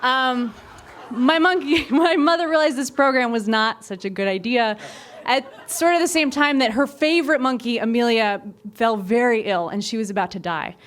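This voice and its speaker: A young woman tells a funny true story on stage in a candid, animated way, and she slips into the voices she quotes. Her voice sits a little high. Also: moderate pace, slight background noise. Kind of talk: live comic storytelling. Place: stage before a live audience.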